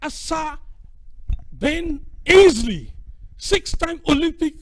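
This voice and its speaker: A middle-aged man giving an impassioned, preacherly conference speech, swinging from booming to hushed. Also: very animated, slow, low-quality recording. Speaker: speaker at a conference.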